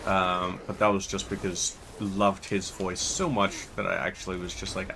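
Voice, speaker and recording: A man's voice: low voice, little pitch movement, moderate pace, gravelly, noisy background. A man with a Northern Irish accent giving casual, rambling gameplay commentary as a channel host. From Northern Ireland. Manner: chatty, rambling digressions.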